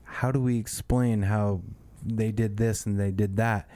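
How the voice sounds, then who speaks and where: A man's voice: fairly low pitch, steady tone, a little slow, dark tone, no room sound. A man co-hosting a podcast in casual, profane, rambling chat, often trailing off and restarting. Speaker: podcast co-host.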